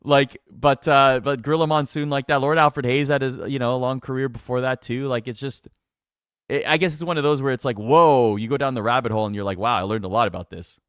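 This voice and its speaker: Animated man telling wrestling stories. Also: medium pitch, a little fast, clear, resonant tone, dry recording, studio quality. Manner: animated, laughing, filler-heavy. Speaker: wrestling announcer, podcast guest. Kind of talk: casual storytelling chat.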